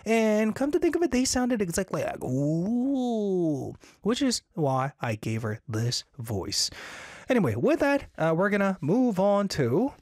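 Man, radio host, chatty and upbeat, lively swooping pitch, slightly high voice, dry close studio sound. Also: normal speed, no echo. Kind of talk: casual radio chat reading listener messages.

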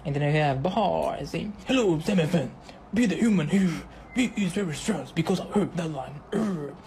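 A woman doing a playful impression of a male radio DJ, mimicking listeners with squeaky high voices. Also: lively intonation, normal speed, warm tone, slight background noise. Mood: mocking.

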